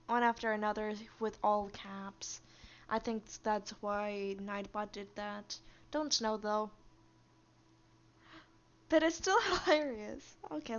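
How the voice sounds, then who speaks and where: A woman's voice: a little high, dull audio. A woman streamer chatting casually on a live stream, rambling and easily amused.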